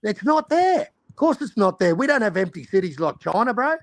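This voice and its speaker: High-voiced, gravelly Australian man ranting. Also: very animated, fast talker, no room sound. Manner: ranting, heavy swearing. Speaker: stream host. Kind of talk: casual chat.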